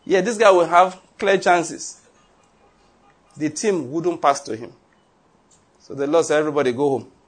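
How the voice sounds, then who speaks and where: A man's voice: on the high side, takes it slowly, long pauses, breathy edge, soft background music. A man preaching a sermon, telling stories and asking the congregation rhetorical questions. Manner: animated storytelling with rhetorical questions. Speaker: pastor.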